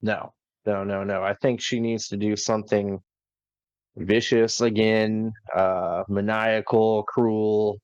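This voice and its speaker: A man's voice: fairly low pitch, level tone, slow, darkish tone, clear, resonant tone, dry recording. A man hosting a casual wrestling review chat, recapping unhurriedly with many fillers. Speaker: podcast host. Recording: slightly dull lo-fi recording.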